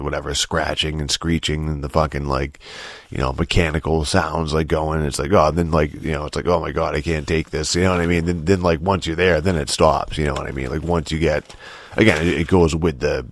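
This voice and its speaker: On a solo podcast, a man with an extremely deep voice rambles through a profane rant, full of restarts and filler words. The recording is dry and close-miked, with no room sound at all.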